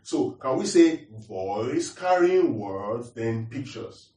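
A man's voice: medium pitch, animated, slow, dark tone. A man preaching a teaching sermon, repeating his points and asking the congregation questions. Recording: roomy echo, distant mic.

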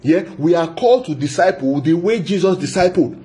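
A man's voice: fairly high pitch, expressive, a little fast, mellow. Repetitive, emphatic man preaching. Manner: repeats phrases for emphasis, asks the congregation questions. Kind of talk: sermon.

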